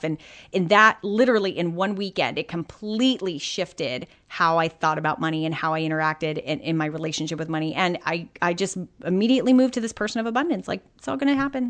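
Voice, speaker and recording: A woman hosting a podcast, chatting earnestly about a moving personal experience. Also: fairly low pitch. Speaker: podcast host. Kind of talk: casual interview chat.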